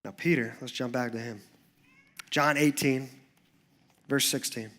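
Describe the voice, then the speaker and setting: A male youth pastor preaches a sermon in a church, telling the story in a storytelling way that shifts between hushed moments and lively ones. His voice is mid-range and his pace a little slow.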